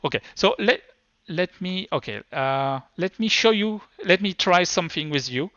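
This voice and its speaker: A man with a thick French accent presents at a tech conference, his explanations halting and full of restarts. His voice is bright and forward, heard dry and close with a slightly dull, muffled tone. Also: sits high, lively intonation, no room sound. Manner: hesitant, stop-start explaining. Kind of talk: live technical presentation.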